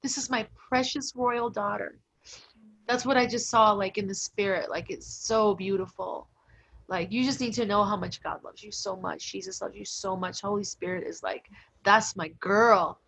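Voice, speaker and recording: A woman's voice: mid-range voice, steady tone, moderate pace, creaky, a bit bright, husky. A woman hosting a faith conversation, effusive and tearful as she gushes spiritual encouragement to her guest. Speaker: interview host.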